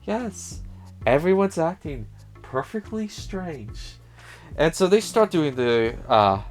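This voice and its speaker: A man talks through a horror film's plot in a casual review, taking his time over every sentence. His tone is sarcastic and full of swearing, and he jumps into higher put-on voices to mock the characters. His voice sits at an ordinary middle pitch. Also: clean tone. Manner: sarcastic, profane, mimics characters in a raised voice. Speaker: film reviewer. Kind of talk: casual spoiler movie review.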